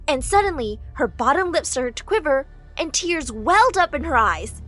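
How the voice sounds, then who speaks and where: A young woman narrating a dramatic first-person story in an expressive, emotional way. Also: sits high, normal speed, few pauses, dry recording, soft background music.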